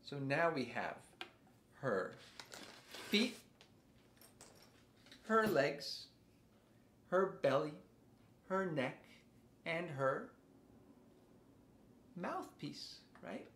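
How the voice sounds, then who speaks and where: Man, children's music teacher, sing-song, very lively pitch, playful. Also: drawn-out words, pauses often, slight background noise. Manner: playful, sing-song, coaxing kids to join in. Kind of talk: interactive music lesson for young children.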